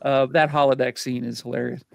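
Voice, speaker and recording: A man's voice: medium pitch, flat delivery, brisk, gravelly. A man co-hosting a movie podcast, chatting casually with easy chuckles and reading off ratings and facts. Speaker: podcast co-host. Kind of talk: casual chat about movies.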